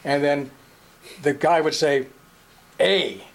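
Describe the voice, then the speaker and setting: Comedy interviewer, man, slightly high voice, rambling deadpan delivery. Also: fairly quick.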